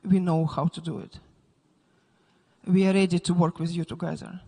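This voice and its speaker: A woman's voice: on the low side, steady tone, warm tone, husky. Impassioned Ukrainian-accented woman in a reverberant hall. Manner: earnest, halting non-native English, pleading. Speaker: civil society delegate addressing panel. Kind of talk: impassioned public appeal. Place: large meeting hall. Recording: long reverb of a large hall.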